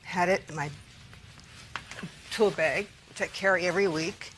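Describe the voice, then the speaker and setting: Woman plaintiff recounting what happened, plain step by step, lowish voice, faint hiss. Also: steady tone, moderate pace, fairly bright tone. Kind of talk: courtroom testimony.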